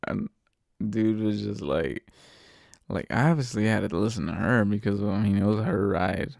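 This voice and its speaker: A man's voice: lowish voice, lively intonation, moderate pace, gravelly, a little mellow, dry recording, clean studio sound. A man, a rideshare driver, casually telling a story, rambling, swearing freely and laughing often. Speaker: rideshare driver and podcast host.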